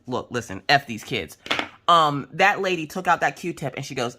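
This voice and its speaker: A young woman telling a story in a casual chat, animated and dramatic, breaking into loud squeals and exclamations. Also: a bass voice, normal speed. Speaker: crafting vlogger.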